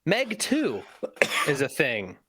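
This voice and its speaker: A man's voice: on the high side, huge pitch swings, slow pace, fairly bright tone, slightly rough, no echo. Sarcastic guy co-host ranting about movies, swears a lot, voice bounces all over, dry mic. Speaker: podcast co-host. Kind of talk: casual chat about movies.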